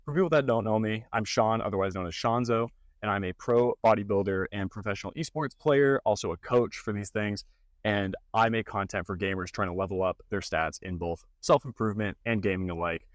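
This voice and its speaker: A man's voice: lowish voice, a little fast, no echo. A young man, casually telling stories and giving advice as a content creator, acting out mocking voices. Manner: animated storytelling with mocking put-on voices. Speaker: fitness and gaming content creator. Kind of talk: casual talking-head advice.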